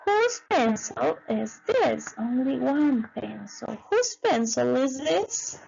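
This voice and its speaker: A woman teaching English in a slow, patient classroom voice, repeating each word and giving the alongside it. Her voice sits fairly high and swings lively up and down, with a gravelly fry at the ends of phrases. The recording sounds dull and lo-fi. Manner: repeats each word slowly, switching between English and Spanish. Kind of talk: slow bilingual classroom lesson.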